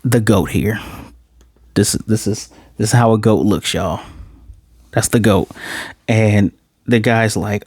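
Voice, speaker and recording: A man recapping an anime episode in a loose, excited way, jumping into quick voices for the characters and throwing in slang. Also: on the low side, no echo, clean studio sound. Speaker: anime reviewer.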